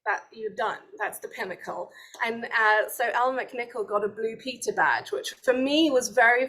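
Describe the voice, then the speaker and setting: A woman's voice: fairly high pitch, a bit bright. A British woman in her forties hosting a casual webinar conversation, chatty and enthusiastic with plenty of fillers. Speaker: host.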